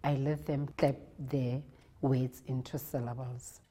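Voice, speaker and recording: A South African woman teacher talks through her classroom methods in a calm, explanatory way. Her voice sits very low and sounds husky and dark. She speaks slowly and steadily. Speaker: primary school teacher. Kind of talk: reflective interview narration.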